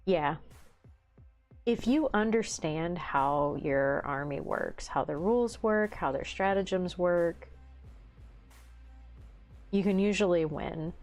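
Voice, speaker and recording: A tired woman with a rural Southern American accent, hosting a livestream in a relaxed chat, laughing often as she answers viewer comments. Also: lowish voice, takes it slowly, long pauses, faint music behind. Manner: laughs often, chatty and easygoing. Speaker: livestream host.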